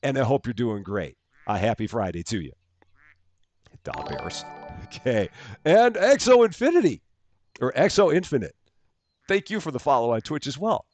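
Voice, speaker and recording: Male streamer host, conversational, animated delivery, dry studio sound. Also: medium pitch, no room sound. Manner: chatty, greets viewers by name with big upbeat lifts. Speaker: livestream gaming host. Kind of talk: casual live-stream commentary.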